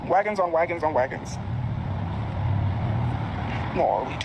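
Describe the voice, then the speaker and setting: A woman's voice: fairly low pitch, animated, slow pace. A woman talking to her followers in a rambling, repetitive way, trailing off, recorded outdoors by a road. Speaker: social media personality. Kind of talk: rambling vlog talk. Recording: noisy outdoor recording with traffic.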